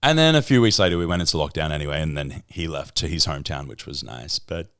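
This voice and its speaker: A man's voice: rumbling low, quick pace. A man, co-hosting a podcast and telling stories in casual chat, acting out quotes in a raised voice. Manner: animated storyteller, acts out quotes in a raised voice. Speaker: podcast co-host.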